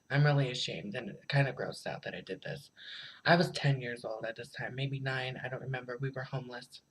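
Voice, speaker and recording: Casual vlogger, mid pitch, rambling and profane, self-mocking, lots of "um" and "like". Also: slightly rough, low-quality recording. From Southern Illinois. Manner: rambling, profane, many fillers; self-deprecating, laughs while telling stories. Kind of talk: casual storytelling.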